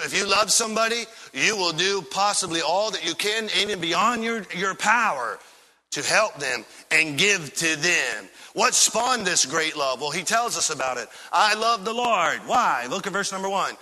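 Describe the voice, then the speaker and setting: Fervent high-voiced preacher in a reverberant hall. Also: male voice. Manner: animated, enthusiastic preaching with repeated rhetorical questions. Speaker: pastor. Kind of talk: sermon. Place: church sanctuary.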